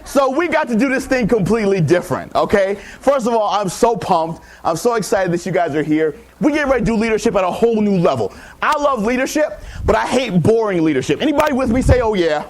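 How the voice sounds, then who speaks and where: High-voiced hyped-up male keynote speaker. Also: lively intonation, quick pace, few pauses. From Tampa, Florida. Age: 30s. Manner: hyped, call-and-response crowd pumping. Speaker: motivational speaker. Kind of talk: high-energy keynote speech. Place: large lecture hall with live audience.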